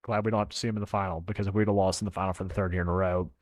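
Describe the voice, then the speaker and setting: A man's voice: sits low, racing, dry recording, studio quality. A young man co-hosting a casual sports podcast, telling stories with energy and swearing now and then. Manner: animated storyteller, swears casually. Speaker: podcast co-host.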